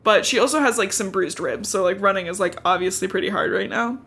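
A young woman co-hosting a podcast, recapping a book in casual chat, full of "like" and quick laughs. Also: mid-range voice, vocal fry, fairly bright tone, slightly rough. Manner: chatty recap filled with "like", laughing often. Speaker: podcast co-host.

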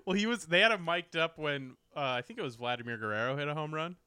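A man's voice: fairly high pitch, fast talker, smooth, no echo, clean studio sound. A man chatting casually, telling stories with lots of laughter. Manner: laughs often, animated storytelling. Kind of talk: casual chat.

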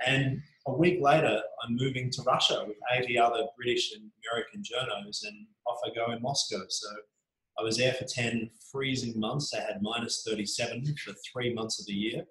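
A man's voice: medium pitch, brisk. An Australian man in his thirties, a journalist telling stories of his career in a casual interview, with plenty of ums. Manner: chatty, frequent ums, animated anecdotes. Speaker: journalist guest. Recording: roomy echo.

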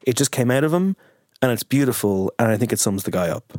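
A young adult man, a journalist guest on a podcast, telling animated and emotional stories in casual chat. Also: mid-range voice, fast, noisy background.

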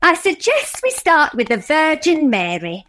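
A flustered, polite woman, played by an actress helping run nativity auditions in an audio comedy. Her voice sits high and moves about a lot. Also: wildly swooping pitch, measured pace, fairly bright tone, exaggerated voice.

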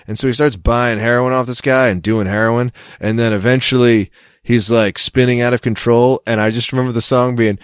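A young adult man co-hosts a podcast, rambling through stories in casual chat and acting out the people he quotes. His medium-pitched voice is a little fast with fairly even intonation and a clean tone, recorded at studio quality with no room sound.

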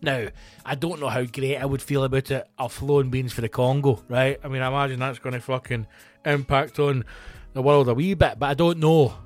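A man's voice: mid-range voice, steady tone, brisk, few pauses, faint music behind. A Scottish comedian hosting his own podcast, talking alone in a loose, rambling, sweary, conversational way. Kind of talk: casual solo podcast chat.

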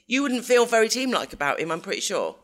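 A man co-hosting a podcast in casual chat, talking in an animated, emphatic, teasing way. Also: high voice, fast talker. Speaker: podcast co-host.

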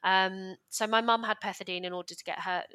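A woman's voice: mid-range voice, steady tone, fairly quick, bright, forceful tone, clear, resonant tone. A young British woman, a podcast guest, telling a personal story in a candid, emotional way, rambling with many restarts and fillers.

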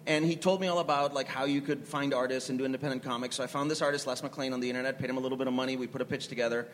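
A TV writer and show creator on a live festival panel tells rambling, self-deprecating stories, often restarting, in a medium-pitched, fairly even voice at rapid-fire speed. The large hall is reverberant with faint ambience, plus a little hiss or hum.

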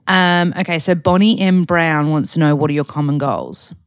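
A woman's voice: sits low, moderate pace, smooth, dry recording, clean studio sound. An Australian woman co-hosting a podcast in a bubbly, teasing, casual chat. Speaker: podcast co-host.

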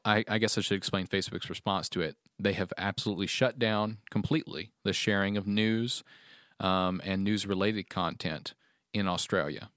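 Low-voiced man chatting on a podcast. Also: a bit bright, no room sound, studio quality. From Tennessee, USA. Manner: hesitant, many fillers and restarts. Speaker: podcast co-host. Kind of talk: casual chat.

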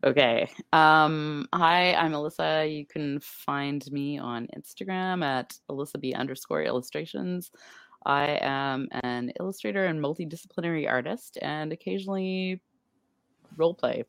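A woman introducing herself as a tabletop game player, hesitant with many pauses. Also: low voice, vocal fry, fairly bright tone, smooth, dry recording, clean studio sound. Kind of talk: casual chat.

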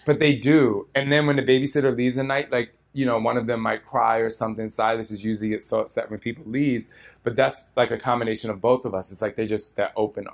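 Man, guest at live q&a, earnest, heartfelt, rambling, mid-pitched voice. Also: level tone, fast talker, vocal fry. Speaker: featured guest answering audience questions.

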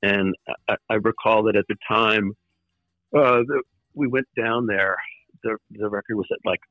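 A man with a lowish voice looks back on his time in the music business. He stops and starts, circles back with "um" and "you know," and laughs wryly now and then. The sound is dull and lo-fi, with no room echo. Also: steady tone. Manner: halting, many fillers and restarts, wry laughs. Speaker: former record label executive, guest. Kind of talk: conversational interview storytelling.

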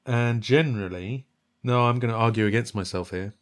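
A man's voice: medium pitch, fairly quick. A man co-hosting a podcast, chatting casually, often second-guessing himself in a playful way. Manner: self-doubting, playful. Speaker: podcast co-host. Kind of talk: casual chat.

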